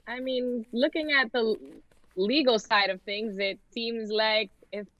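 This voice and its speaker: A woman co-hosting a casual talk show, dropping quick wry remarks. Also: a little high, steady tone, a bit bright, no echo. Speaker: co-host. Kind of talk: casual chat. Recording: dull, dry lo-fi sound.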